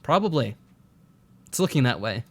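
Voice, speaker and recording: A man's voice: mid-range voice, big pitch swings, moderate pace. Dry, sarcastic male streamer. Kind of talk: casual let's-play commentary, reading game text aloud.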